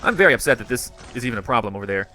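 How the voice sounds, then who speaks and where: An excitable man yelling at a game. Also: mid-range voice, racing, soft background music. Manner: loud outbursts of frustration. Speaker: gamer. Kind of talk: excited gameplay reaction.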